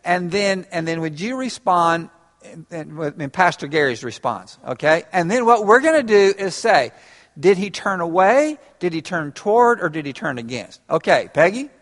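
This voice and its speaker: In a reverberant church hall, a pastor gives an interactive sermon in a high, somewhat bright voice, very animated and at a moderate pace. He chats with his congregation and shares laughs with them.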